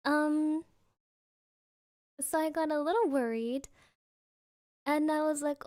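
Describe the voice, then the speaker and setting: Young woman, high voice, slow easy pace, casual storytelling, excitable, laughing, lots of fillers. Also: no room sound, clean studio sound. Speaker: streamer. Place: at home, creaky floor.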